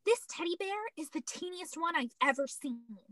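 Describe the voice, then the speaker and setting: A woman playing an excited young girl, eager and gushing, in a high school stage play. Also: normal speed, no room sound.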